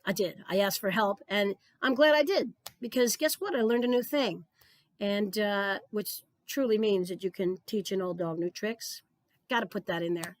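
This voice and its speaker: A woman's voice: mid-range voice, no echo. An older woman from New Jersey, a retired physical education supervisor, giving an earnest, conversational keynote talk and repeating key phrases for emphasis.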